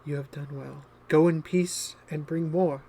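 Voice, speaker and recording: A man voicing the solemn voice of a great angel giving a blessing, speaking slowly and quietly. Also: fairly high pitch, steady tone, vocal fry, slightly rough, exaggerated voice.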